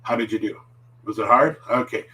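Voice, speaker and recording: A man's voice: fairly low pitch, fairly quick, bright, forceful tone. A man giving a casual live-stream language lesson, chatty and full of fillers. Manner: rambling, filler-heavy, chatty. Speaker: Japanese language teacher. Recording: distant mic with faint hum.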